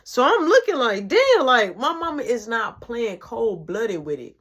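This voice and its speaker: A woman's voice: on the high side, big pitch swings, unhurried, a bit bright, husky, highs cut off. A woman telling a personal story in casual, slangy, profane narration.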